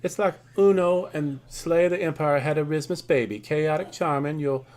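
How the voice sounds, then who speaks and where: A man's voice: a little high, moderate pace, a little mellow, pitched above the performer's own voice, lightly acted. A man voicing a folksy old grandma with a put-on Southern US drawl, calling the listener sugar in a chatty, affectionate way. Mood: sweet, chatty.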